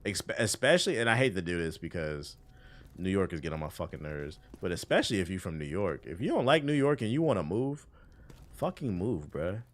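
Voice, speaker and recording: A man's voice: deep voice, big pitch swings, brisk. A man with a Washington, D.C. accent casually chatting on a gaming stream, using loose, profane slang and answering chat while he plays. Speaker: livestreamer.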